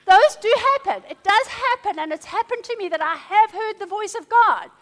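A middle-aged woman preaching a sermon, emphatic and animated. Her voice swings between loud declarations and hushed, tender passages. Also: very high-pitched, normal speed, few pauses.

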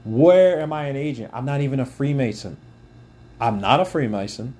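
Here a twenty-something podcaster, mid-range and dark-toned, vents furiously at a moderate pace. He swears a lot and talks directly to whoever is listening.

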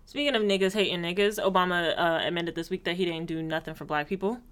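A woman's voice: fairly low pitch, steady tone, fast talker, a bit bright, smooth. A young woman co-hosting a casual podcast chat, blunt and sardonic, swearing freely. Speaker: podcast co-host.

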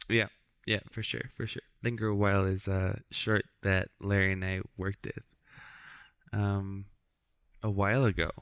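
A man who makes short films and talks in a frank, wry way, peppering his talk with curses. His voice is on the low side and sounds close and dry. He speaks like someone venting to a friend. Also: level tone, measured pace, a bit bright, clean tone, no room sound. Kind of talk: casual chat.

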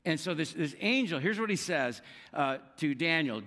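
A man preaching a sermon in a big hall, his voice trailing off into a long reverb. His tone is bright and forceful, sitting a little high for a man. He tells the story with animated emphasis and acts out the quoted lines. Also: moderate pace. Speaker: pastor.

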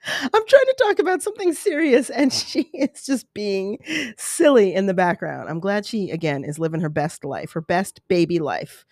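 A woman's voice: medium pitch, very animated, normal speed, darkish tone, dry recording. A woman commenting earnestly on a video clip for her viewers, emotional and apologetic in her asides. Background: baby making noises.

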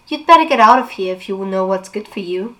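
A woman's voice: medium pitch, animated, a little fast, bright, forceful tone, poor audio. A woman reading out the lines of a cocky, cold teenage boy demon hunter in a dramatic book reading, with a mocking, dismissive delivery.

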